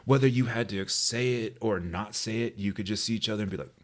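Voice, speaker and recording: A man from New Mexico, co-hosting a podcast and telling an animated story. He often checks in with "you know what I mean?". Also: on the low side, brisk. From New Mexico, USA. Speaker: podcast co-host. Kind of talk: casual chat, storytelling.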